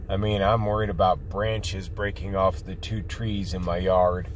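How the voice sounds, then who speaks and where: Slow-talking guy vlogging from his car, folksy and reassuring, faint engine hum. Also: fairly low pitch, darkish tone. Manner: folksy, reassuring, drawn-out talk. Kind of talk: casual rambling vlog.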